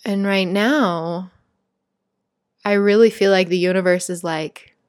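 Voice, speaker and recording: A woman speaks slowly, with long pauses, in a medium-pitched voice and fairly even intonation. Her reflective spiritual monologue is earnest, emotional, chatty, and heartfelt, full of "like"s, and the studio-quality recording has no room sound.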